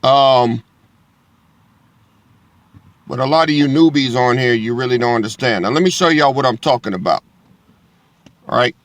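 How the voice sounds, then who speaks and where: A man's voice: medium pitch, moderate pace, long pauses, dry recording. A man talking to his online viewers in a rambling, street-preacher way, addressing them directly and swearing freely. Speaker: online religious commentator.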